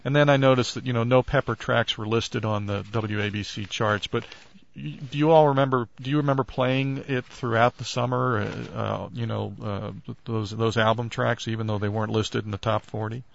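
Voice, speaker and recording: A male interviewer asking halting questions, searching for his words. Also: mid-range voice, steady tone, creaky. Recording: dull lo-fi recording.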